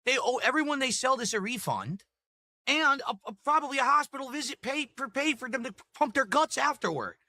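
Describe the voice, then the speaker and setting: High, bright-voiced man ranting. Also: lively intonation, a little fast, no echo. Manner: indignant, ranting, repeats himself. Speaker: food review vlogger. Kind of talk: angry food review rant. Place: home desk.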